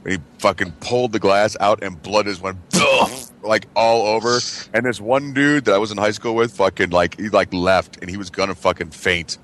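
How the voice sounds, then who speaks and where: A man's voice: lowish voice, steady tone, fairly quick, hardly any pauses, fairly bright tone. A man telling a crude, slangy story with constant swearing on a casual podcast. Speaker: podcast co-host.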